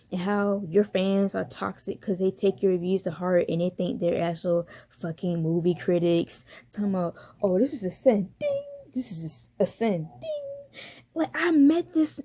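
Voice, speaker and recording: A woman's voice: medium pitch, dark tone. A young woman giving a casual commentary vlog as a YouTuber, talking bluntly with lots of profanity, slang and laughter.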